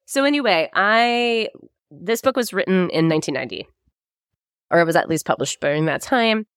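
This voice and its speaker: Woman co-host, casual storyteller, salty and giggly, lower voice, dry room. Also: animated, normal speed, fairly bright tone, clean tone, no room sound. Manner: chatty storyteller, swears freely, laughs often. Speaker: podcast co-host. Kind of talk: casual chat.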